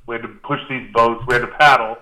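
A man's voice: medium pitch, fairly even intonation, fast, bright, forceful tone, rough recording. A man as a podcast guest, telling a long anecdote in a casual, rambling way with lots of fillers and restarts. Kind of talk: casual storytelling.

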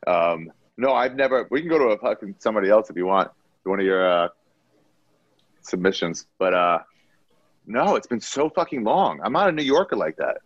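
Low-voiced profane man telling stories. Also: very animated, moderate pace, no room sound, dull audio. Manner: profane storytelling, acts out people he quotes. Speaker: comedian guest. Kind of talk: casual podcast chat.

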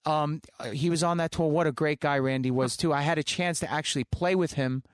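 A man in his thirties, a guest musician telling stories in a casual interview, animated, laughing often and trailing off with fillers. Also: fairly high pitch, brisk, dry recording, studio quality. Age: 30s.

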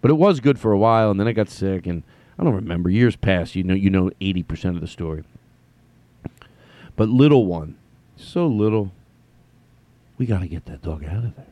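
A man's voice: sits low, animated, fairly quick, warm tone, dull audio. A man hosting a podcast, telling a story in a rambling, self-mocking way with stammering restarts. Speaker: podcast host. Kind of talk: comedic monologue.

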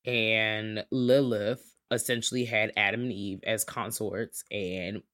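Bright, animated podcast co-host. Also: medium pitch, slow. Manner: animated storyteller, acts out quotes loudly, swears freely. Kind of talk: casual chat.

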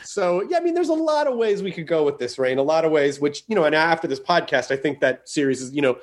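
Podcast host, male, somewhat high-pitched, rambling joker who swears freely. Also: expressive, quick pace. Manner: rambling, profane, joking riffs. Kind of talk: casual comedic chat.

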